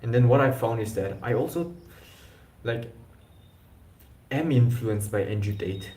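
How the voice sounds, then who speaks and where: A man's voice: medium pitch, expressive, a little slow, dark tone. Young man rambling on a live stream. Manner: rambling, with restarts and slang. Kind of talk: casual live stream chat. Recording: echoey room.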